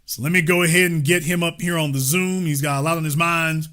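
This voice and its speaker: A man's voice: on the high side, fairly even intonation, brisk, fairly bright tone. A man hosting a political livestream, talking in a sarcastic, mocking way to his chat. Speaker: livestream political show host. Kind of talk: livestream commentary.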